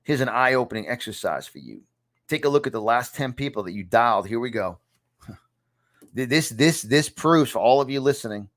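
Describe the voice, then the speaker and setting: Recording in a home studio, a fifty-something podcast host and success coach with a New York accent delivers a motivational talk. He has a mid-range, slightly bright voice, speaks animatedly at normal speed, and repeats key lines with punchy, preacher-style emphasis.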